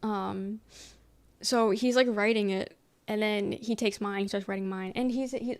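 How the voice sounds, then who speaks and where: A woman's voice: medium pitch, steady tone, measured pace. A young woman streamer casually rambling through a story, full of fillers and quoted back-and-forth. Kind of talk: casual chat.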